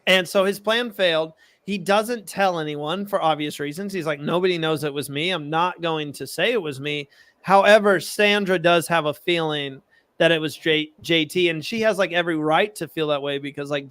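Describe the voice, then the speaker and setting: Excitable guy co-hosting a podcast, high voice, dry close mic. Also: moderate pace, clear, resonant tone, dry recording. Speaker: podcast co-host. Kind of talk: casual chat.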